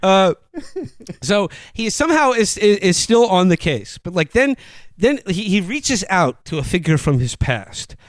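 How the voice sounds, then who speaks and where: A man's voice: high voice, very animated, measured pace, no echo. A man co-hosting a podcast, recapping a film in a wry, incredulous casual way. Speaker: podcast co-host. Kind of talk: casual comedic film review.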